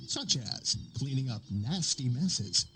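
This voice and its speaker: A man voicing a cheerful corporate orientation narrator who gives a sales-pitch welcome laced with dark jokes. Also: very animated, slow pace, noisy background. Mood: chipper. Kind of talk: scripted promo narration. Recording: over loud music.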